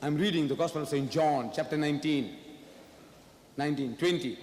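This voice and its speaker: A man's voice: on the high side, moderate pace, pauses often, darkish tone. A man giving a public debate speech who poses questions and answers them himself, repeating key phrases for emphasis. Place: large lecture hall before an audience. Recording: reverberant hall sound.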